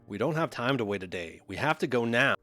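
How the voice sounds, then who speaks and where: A man's voice: mid-range voice, animated, a little fast, a bit bright, close to an everyday voice. A man voicing a stressed middle-aged father who speaks curtly and urgently. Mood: snapping. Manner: curt, urgent. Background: music.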